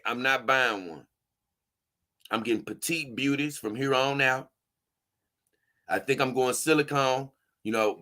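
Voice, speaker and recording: A man's voice: medium pitch, sharp tone. A man vlogging casually, answering viewer comments in an emphatic, repetitive, slangy way and often tripping over his words. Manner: trips over his words, frequent restarts. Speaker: doll-collecting vlogger.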